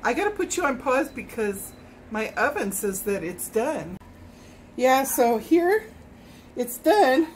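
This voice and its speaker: A woman's voice: high voice, sing-song, takes it slowly, darkish tone, a little hiss or hum, low-quality recording. A middle-aged woman from Hawaii cooking in her home kitchen, chatting in a rambling way as she tastes and snacks. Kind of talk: casual cooking chat.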